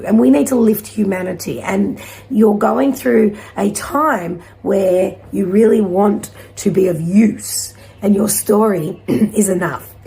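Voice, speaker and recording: A woman giving a gentle, encouraging spiritual card reading to her viewers, rambling at times. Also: medium pitch, vocal fry. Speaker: intuitive card reader.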